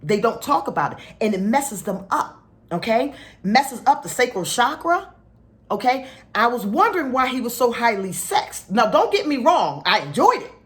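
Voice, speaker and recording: A middle-aged woman speaks to her spiritual followers with a lively, swooping voice. She tells stories with feeling and often drops to a hushed, near-whispered tone when the point gets heavy. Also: fairly high pitch, normal speed. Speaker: spiritual teacher.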